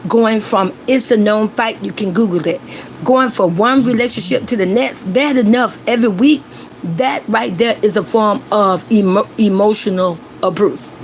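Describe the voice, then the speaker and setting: A woman hosting a commentary stream rants emphatically, repeating her points and speaking directly to her chat to get them to agree. Her mid-range voice moves at a moderate pace, and the rough recording carries slight background noise.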